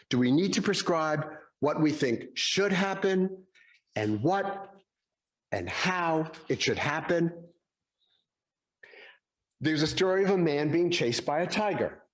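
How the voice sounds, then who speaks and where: Slow, gentle older man giving a sermon. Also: on the high side, animated. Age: 60s. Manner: gentle storytelling, acts out dialogue in quotes. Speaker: speaker at a Sunday service.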